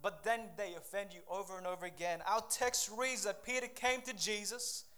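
Speaking to his congregation in a high-sitting voice, a pastor preaches casually, darting into quick asides and acting out quotes. His delivery is animated and direct.

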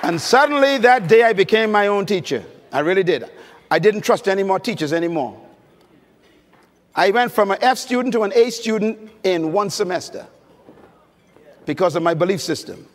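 At normal speed, a male preacher whose voice sits high gives an animated, emphatic sermon at a conference, telling stories and engaging listeners with questions. It's recorded in a large conference hall with long reverb.

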